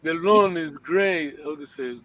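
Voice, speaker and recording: A man teaching a language class online, speaking haltingly, repeating words and checking in with his students. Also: a little high. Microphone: video call. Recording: lo-fi online call audio.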